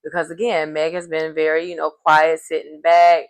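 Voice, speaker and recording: A woman talks through a reality show episode in a loose, casual way. She is chatty and opinionated, tossing in playful asides and quick verdicts about the players. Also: low voice, flat delivery, clear, resonant tone. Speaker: reality TV recap vlogger.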